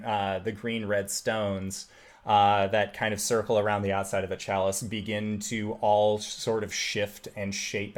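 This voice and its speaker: Halting man running a tabletop game. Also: on the low side. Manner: loose, halting narration with many "uh"s. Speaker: game master.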